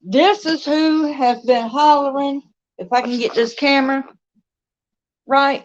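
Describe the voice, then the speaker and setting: A woman's voice: sits high, fairly even intonation, a little slow, long pauses. A woman chatting casually with her viewers from her dining room at home, stopping now and then to talk to her pets. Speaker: crafter and video host. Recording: dull lo-fi sound.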